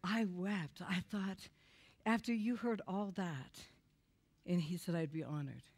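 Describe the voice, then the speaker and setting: A woman's voice: medium pitch, slow pace, darkish tone. A middle-aged woman giving a confessional testimony in a church, telling her story with emotion and laughter. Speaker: guest speaker. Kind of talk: testimony sermon.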